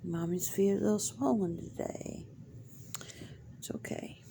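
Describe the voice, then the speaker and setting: A woman's voice: mid-range voice, measured pace, gravelly, pauses often, warm tone, in a whisper. A woman talking baby talk to her pet cat at home, cooing in a sing-song way. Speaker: cat owner.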